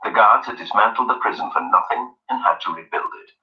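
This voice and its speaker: A man narrating a documentary in a measured, dramatic scripted delivery. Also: fairly low pitch. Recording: dull, from a distance.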